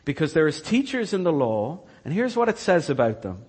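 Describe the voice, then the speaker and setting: A man preaching a sermon, telling Bible stories with animated, rising energy at the dramatic parts. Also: a little fast, slightly rough. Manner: animated storytelling, rising in pitch and volume at dramatic retellings. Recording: long hall reverb.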